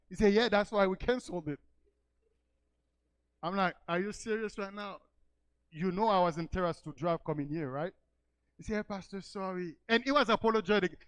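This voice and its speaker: Male pastor, sermon storytelling, high clean voice, swells into fervent preaching. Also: a little fast, long pauses, fairly bright tone, smooth, rough recording. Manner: storytelling, rising to emphatic preaching cries.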